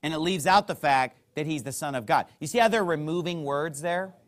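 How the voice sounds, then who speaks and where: A man's voice: fairly high pitch, fairly quick. A man preaching a sermon in an emphatic, conversational way, often checking in with his listeners.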